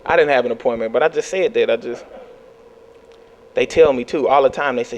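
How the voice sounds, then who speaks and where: A young adult man performing a stand-up comedy set, telling animated stories and jumping into high squeals when he acts out panic. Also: fairly quick.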